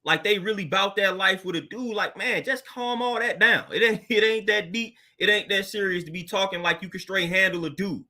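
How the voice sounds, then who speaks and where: Male host, casual talk, high pitch, bright, laid-back slang delivery. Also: brisk, hardly any pauses. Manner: laid-back, conversational, laughs often, street slang. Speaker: podcast host. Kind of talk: casual monologue commentary.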